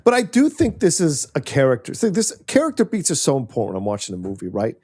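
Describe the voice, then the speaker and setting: Emphatic man with a lively voice. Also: medium pitch, quick pace, slightly rough. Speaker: podcast co-host. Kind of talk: casual film discussion.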